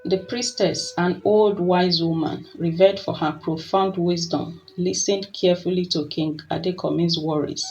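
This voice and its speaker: Calm folktale narrator reading a scripted story, faint music behind. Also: mid-range voice, unhurried, few pauses, lo-fi sound. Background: soft music.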